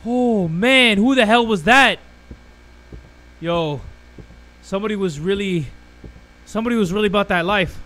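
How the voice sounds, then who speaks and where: A man's voice: sits high, normal speed, pauses often. Jumpy, swearing man playing a horror game. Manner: jumpy, swears a lot, yells at monsters then jokes. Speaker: gaming YouTuber. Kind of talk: horror game let's play commentary.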